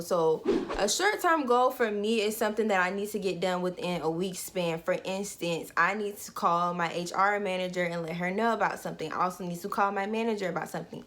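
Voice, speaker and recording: Chatty young woman vlogging. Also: mid-range voice. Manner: chatty, animated, talks straight to viewers. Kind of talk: casual goal-setting vlog.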